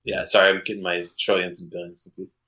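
A man co-hosting a podcast in a rambling, casual way, restarting his sentences as he thinks. His voice is fairly low but bright and forceful. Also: little pitch movement, quick pace, rough recording. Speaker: podcast co-host.

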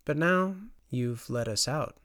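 A man voicing a sharp-tongued teenage girl in a fantasy audiobook, speaking in a huffy, sardonic way. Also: medium pitch, expressive, slow pace. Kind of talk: audiobook character voice.

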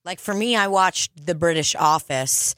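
A woman co-hosting a casual comedy podcast, animated and laughing often. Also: on the low side, unhurried, dry recording, studio quality. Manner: animated, laughs a lot, jokey voices. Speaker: podcast co-host.

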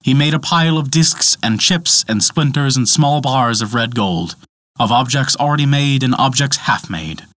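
A man narrating a myth in a dramatic, expressive storytelling style. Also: mid-range voice, moderate pace, dry recording.

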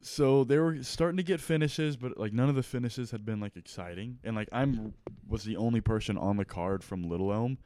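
A man's voice: mid-range voice, fairly quick, few pauses. A young man, a fighter telling his story in casual chat, full of "like" fillers. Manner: animated storytelling, lots of "like" fillers. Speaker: fighter guest.

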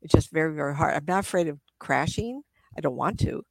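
A woman's voice: low voice, lively intonation, a little fast, creaky, dry recording. A middle-aged woman, a psychic medium, chatting in an interview and acting out spirits with gasps and laughs. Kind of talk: casual interview talk.

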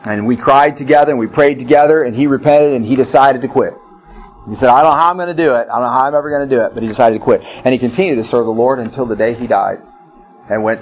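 A man's voice: medium pitch, rough recording. A middle-aged male pastor preaching a sermon, repeating phrases and telling personal stories.

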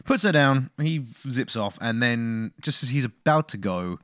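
A man co-hosting a film review podcast in an animated, chatty way, laughing often and tossing off quick mock voices. His pitch rises and falls a lot as he talks. The sound is close and dry, with no room echo. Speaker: podcast co-host. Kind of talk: casual film review chat.

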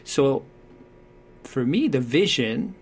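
A man's voice: mid-range voice, animated, slow pace, vocal fry, slightly rough. A man talking through parenting advice in a reflective, conversational way, often checking in with "right?".

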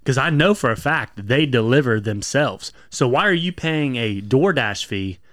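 A man co-hosting a podcast in casual chat, blunt and quick to swear and rant. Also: medium pitch, animated, fairly bright tone, no echo, clean studio sound. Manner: blunt, swears freely, rants in bursts. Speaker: podcast co-host.

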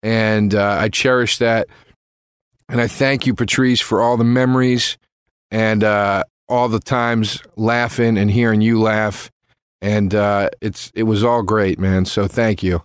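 A man giving a spoken tribute to a late friend, halting and full of fillers, livelier when he tells a story. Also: fairly low pitch, flat delivery, smooth, no echo.

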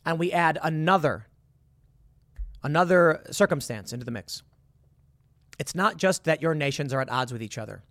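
Man, fairly high voice, earnest monologue host, bone-dry close recording. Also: dry recording. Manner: earnest, repetitive, rhetorical questions. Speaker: commentator. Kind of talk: casual monologue with hypotheticals.

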